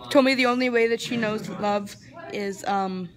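A woman's voice: medium pitch, normal speed. A young woman talking casually while she films a vlog on a phone she holds in her hand. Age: young adult. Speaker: vlogger. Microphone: phone held in hand. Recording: phone video with crowd chatter.

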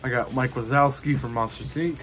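A man's voice: mid-range voice, fairly even intonation, fairly quick, background noise. A man casually showing off his collection to the camera, rambling with lots of ums and you-knows. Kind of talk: casual show-and-tell.

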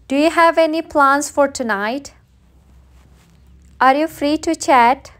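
Woman teacher, high voice, very slow and clear drill reading for learners. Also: a bit bright. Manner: says each phrase slowly and plainly, often twice. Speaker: English teacher. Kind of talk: slow read-aloud phrase drill.

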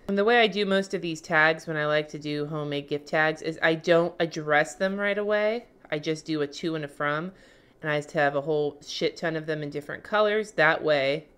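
A woman vlogger giving a casual, slangy craft tutorial, cussing freely, her voice going a little hoarse. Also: sits low, fairly bright tone.

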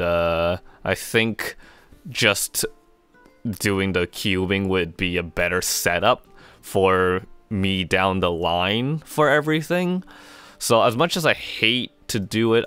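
A man giving casual live gameplay commentary, swearing freely and filling pauses with "uh" and "like". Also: sits low, fairly bright tone, clear, resonant tone. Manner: casual, swearing, frequent fillers. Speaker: gaming video creator.

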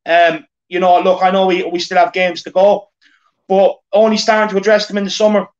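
A man's voice: high-pitched, monotone, a little fast. Irish man rallying fans, lo-fi. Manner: earnest, repetitive, rallying the fans. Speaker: fan channel host. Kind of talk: casual football rant. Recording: dull lo-fi audio.

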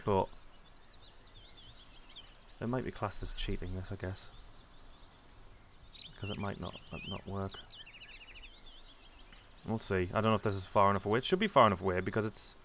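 A man's voice: lowish voice, noisy background. A man giving casual gameplay commentary, chatty and self-mocking, often muttering to himself as he plays. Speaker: let's play commentator.

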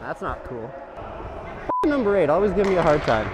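A man's voice: fairly high pitch, sing-song, moderate pace, background noise. A man playing hockey goalie with a camera mic running, cracking self-deprecating jokes through the game. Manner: joking, self-deprecating banter. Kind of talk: mic'd-up game commentary. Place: hockey rink during a game. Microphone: helmet-mounted action camera.

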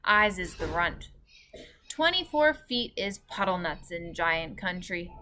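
A woman's voice: on the low side, sing-song, slow pace, sharp tone, exaggerated voice. A woman voicing a big, friendly male giant with jumbled grammar in a children's book read-aloud. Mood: earnest. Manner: jumbled words and grammar, earnest.

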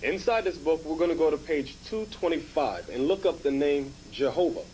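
Guy teaching scripture, high animated voice, keeps asking okay?, faint hum behind. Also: normal speed, poor audio. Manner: emphatic, repeats "okay?" to check understanding. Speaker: religious teacher. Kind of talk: informal Bible teaching.

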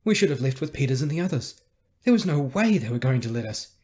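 A man's voice: medium pitch, very animated, fast, warm tone, voice pushed up, lightly acted. A man doing a panicky rebel in despair. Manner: despairing, agitated.

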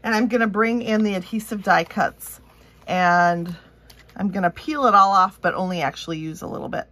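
Upbeat Minnesotan woman narrating a hands-on craft demo, chatty and relaxed, mid-range voice. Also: medium pitch, normal speed. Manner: chatty and upbeat, thinking aloud while working. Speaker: craft instructor. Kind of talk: casual step-by-step craft tutorial.

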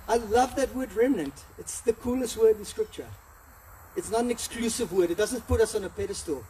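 High-pitched guy preaching a sermon, animated, voices the characters, mic a bit far off, faint hiss. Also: normal speed. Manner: animated, acts out the story in voices. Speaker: pastor. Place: church hall.

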